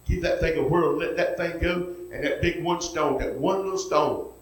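Man preaching, folksy storyteller, slightly high voice, roomy echo. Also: normal speed. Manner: folksy, acts out each character in lively retelling. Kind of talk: sermon storytelling.

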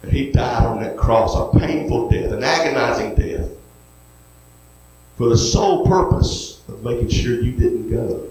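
A man preaching a sermon, moving from folksy storytelling to soft pleading. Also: medium pitch, unhurried. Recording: very echoey hall with faint noise.

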